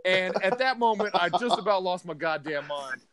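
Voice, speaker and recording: A man's voice: high voice, lively intonation, normal speed, a loud crowd. A man co-hosting a podcast, telling a heated, profane story in casual chat. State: partly deaf in left ear. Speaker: podcast co-host.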